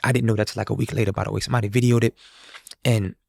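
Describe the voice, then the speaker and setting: Young guy from new orleans telling a story, husky, dry close sound. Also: lowish voice, very fast, no room sound. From New Orleans, USA. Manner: animated, acts out quoted voices. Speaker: guest musician. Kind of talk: casual storytelling.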